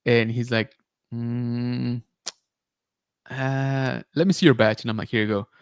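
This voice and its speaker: Man, podcast host, casual storytelling, animated, filler-heavy, dry room. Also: medium pitch, fairly quick, clear, resonant tone, dry recording. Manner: animated retelling, many filler likes and rights.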